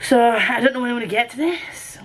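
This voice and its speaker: Feeling unwell, a Yorkshire book vlogger chats casually, rambling and correcting herself mid-thought. Her voice is a little high, expressive, and slightly quick, with a noisy background.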